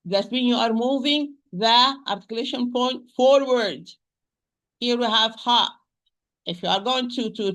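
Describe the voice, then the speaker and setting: A woman with an Arabic accent teaching Quran pronunciation, repeating sounds slowly and patiently to demonstrate them. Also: mid-range voice, a bit bright. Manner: addresses listeners as "my dear sister". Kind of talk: pronunciation lesson.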